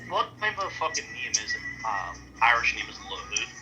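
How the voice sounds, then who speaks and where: A man's voice: fairly low pitch, big pitch swings, normal speed, over loud music. Blunt, profane man in a chat room. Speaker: participant in an online talk room. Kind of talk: crude casual chat.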